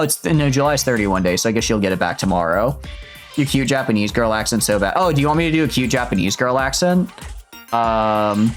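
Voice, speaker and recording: A man streaming a game, chatting casually, answering chat and laughing often. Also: medium pitch. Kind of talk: casual gameplay commentary.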